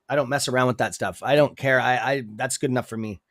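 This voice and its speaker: A man's voice: medium pitch, a little fast, creaky, fairly bright tone, no room sound, clean studio sound. A man with an accent hosting a casual livestream about stocks, talking loosely and tagging lines with "okay?". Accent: non-native English accent. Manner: chatty, repeats "okay?", sudden outbursts. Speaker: stock trading streamer. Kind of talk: casual livestream market talk.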